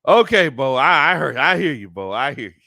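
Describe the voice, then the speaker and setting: Animated man hosting a live sports chat. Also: fairly high pitch, gravelly, no room sound, clean studio sound. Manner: animated, laughs often, drawn-out colloquial speech. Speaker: sports talk show host. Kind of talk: casual live-stream chat reading viewer comments.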